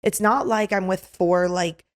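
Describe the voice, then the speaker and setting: A young woman co-hosting a podcast, telling a story in a casual chat, animated, acting out quotes, with lots of "like". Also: mid-range voice, unhurried. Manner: animated, acts out quotes, filler "like". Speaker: podcast co-host.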